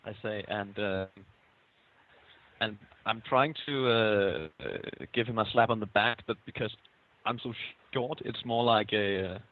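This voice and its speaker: A man playing in an online tabletop game, halting, with many ums. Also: lowish voice, slight background noise. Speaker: player. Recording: tinny phone-like voice chat.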